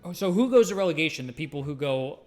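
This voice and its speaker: Rambling higher-voiced man, stream co-host. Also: animated, fast, darkish tone, faint music behind. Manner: rambling, emphatic, swears casually. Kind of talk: casual streamed chat.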